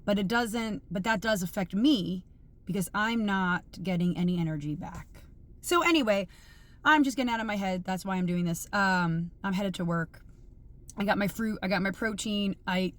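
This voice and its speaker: A woman in her forties talking casually in a training journal vlog, chatty and rambling, openly emotional. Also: mid-range voice. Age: 40s. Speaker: vlogger.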